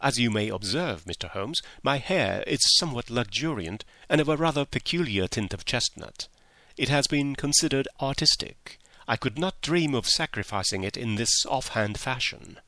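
A man narrating a classic story in the first person, measured and expressive, in the style of an audiobook. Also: mid-range voice, dry recording.

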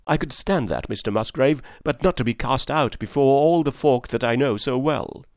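A man's voice: a little high, big pitch swings, moderate pace, no room sound, studio quality, voice pushed up. A man doing a desperate pleading butler. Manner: pleading, strained. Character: desperate proud old male butler.

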